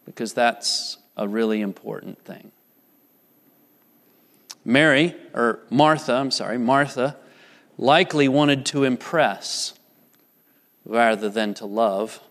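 A man's voice: mid-range voice, slow, long pauses, a bit bright. A man preaching a sermon earnestly, putting repeated questions to his congregation in a church. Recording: church hall reverb.

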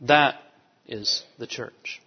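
A man's voice: mid-range voice, drawn-out words, breathy edge. A man preaching a sermon, emphatic, driving home key phrases by repeating them. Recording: dull lo-fi sound with long hall reverb.

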